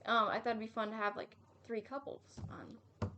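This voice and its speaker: Young woman co-host, higher-pitched, giggly, trails off mid-sentence. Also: steady tone, moderate pace, pushed and bright, dull audio. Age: young adult. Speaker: podcast co-host. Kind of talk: casual chat.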